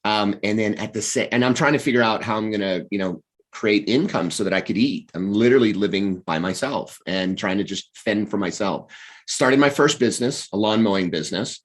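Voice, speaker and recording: Low-voiced man telling his life story. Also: fairly quick. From United States. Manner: animated storyteller with frequent restarts. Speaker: guest coach and author. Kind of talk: casual interview storytelling.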